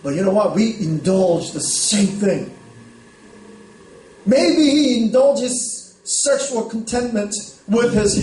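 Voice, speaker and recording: Casting: man, pastor, chatty storytelling sermon, fairly high voice, recorded from a distance in a church hall. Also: darkish tone, a little hiss or hum. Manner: conversational storytelling, frequent "right?" checks. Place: church sanctuary.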